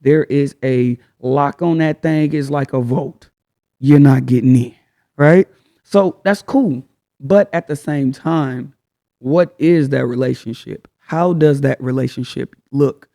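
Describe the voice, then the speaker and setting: A man's voice: medium pitch, slow, vocal fry, mellow. A man hosting a casual advice talk, speaking frankly in slang and firing off rhetorical questions. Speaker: host.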